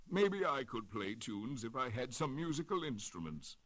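A man voicing a lonesome, gentle male octopus in a storybook reading, slow and mournful. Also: medium pitch, very animated.

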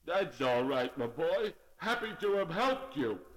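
A man's voice: a little high, very animated, measured pace, pitched above the performer's own voice, rough recording. A man voicing a kind horse speaking in a frozen, stuffy-headed voice, in a storybook reading. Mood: kindly. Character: kindly unemployed horse, chilled in a freezer.

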